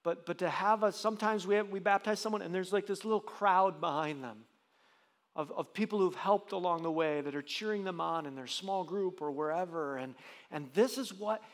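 A man's voice: sits high, big-room sound. A man preaching a sermon as pastor, earnest, with frequent restarts and rising emphasis.

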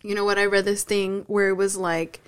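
A woman's voice: medium pitch, little pitch movement, brisk, clear, resonant tone. A young woman co-hosting a podcast, chiming in with matter-of-fact remarks in casual chat. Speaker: podcast co-host.

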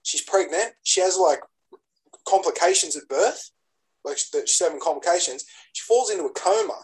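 Man, casual chat, animated and excitable, raised pitch. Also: moderate pace, poor audio. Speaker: podcast co-host.

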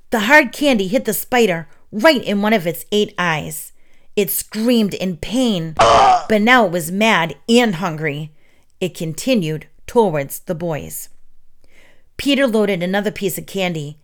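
A woman reading children's stories aloud in an expressive, dramatic way. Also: medium pitch. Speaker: storyteller.

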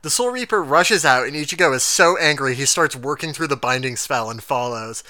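A man with a medium-pitched voice, recorded dry, co-hosts a casual podcast and animatedly recaps an anime episode. He laughs often and drops quick asides quoting the characters.

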